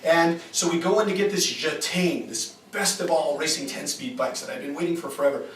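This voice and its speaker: A man with a fairly high voice gives an informal lecture at a group retreat, mixing stories with points and asking "right?" often. He is captured from a distance in an echoey room with faint hiss underneath. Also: a little fast. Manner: animated, chatty, rhetorical "right?".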